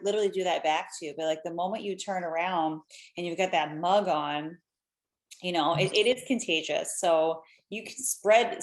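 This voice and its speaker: A woman in her thirties hosting a live stream, chatting casually and animatedly with lots of fillers. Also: fairly low pitch.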